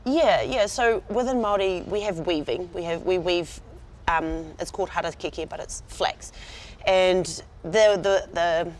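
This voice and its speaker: A woman's voice: fairly low pitch, a little slow. A woman in her thirties with a New Zealand accent, chatting as an interview guest and sounding proud and laughing easily. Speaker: rugby player guest. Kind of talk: relaxed interview chat. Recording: faint background noise.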